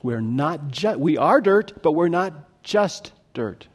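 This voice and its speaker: Fairly high-pitched and expressive, his slow delivery carries a breathy edge. He is preaching a sermon, talking conversationally and questioning his listeners.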